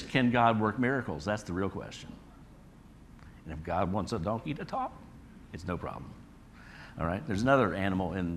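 A man's voice: low voice, a bit bright, slight background noise. Guy teaching a bible study, chatty, keeps asking "all right?". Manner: conversational, frequent "all right?" checks. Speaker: preacher.

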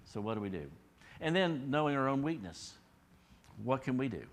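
A middle-aged man preaching an expository sermon as a pastor. He talks to the listeners in a conversational way, asks them rhetorical questions, and swings between emphatic rises and quiet drops. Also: mid-range voice, sing-song, normal speed.

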